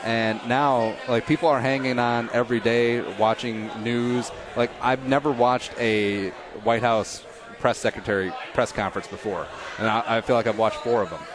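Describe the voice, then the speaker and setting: A man's voice: mid-range voice, fairly even intonation, a crowd in the background. Joking man hosting a casual chat. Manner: joking, self-deprecating, quick asides. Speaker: podcast host.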